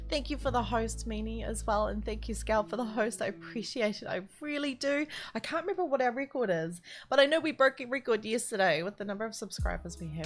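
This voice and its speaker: A bright, fairly high-voiced woman chatting with her stream chat from a home setup, giggling between sentences. She greets viewers one after another in a casual, friendly way, with soft music faintly underneath.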